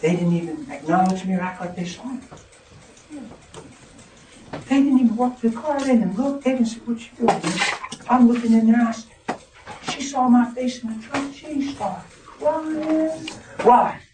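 A man's voice: extremely high pitch, normal speed, long pauses. Fervent preacher man in a roomy hall. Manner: fervent preaching, swinging between shouts and hushed tones. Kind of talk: impassioned testimony sermon. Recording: roomy, distant mic with noise.

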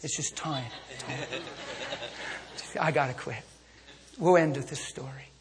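A male preacher telling a story in a sermon to a congregation, moving between intimate hushes and fervent calls. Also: mid-range voice, fairly even intonation, slow pace, background noise. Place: church service with a congregation. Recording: long hall reverb.

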